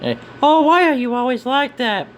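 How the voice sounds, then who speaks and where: A feisty, quick-tempered young woman from a role-playing game, put on by a man reading her lines. She speaks high and sharp, and her pitch swings widely between lines. Faint air-conditioner hum sits underneath. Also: lively intonation. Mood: teasing, indignant.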